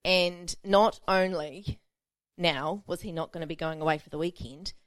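A woman's voice: fairly low pitch, fairly even intonation, normal speed, a little hiss or hum. A woman pastor preaching a sermon, telling a self-mocking personal story with frequent laughter.

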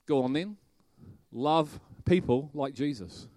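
Brief: male preacher, animated sermon delivery, dry close sound. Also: medium pitch, moderate pace, dry recording. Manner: animated, bursts into loud shouting and laughter.

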